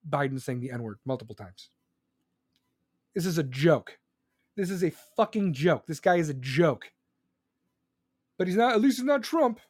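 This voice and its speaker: A man with a high voice rants in anger, swearing constantly and dripping with sarcasm. The sound is dry and close, with no room echo. He sounds worked up and seething throughout. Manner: profane, heated, sarcastic. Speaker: streamer ranting. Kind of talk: angry political rant.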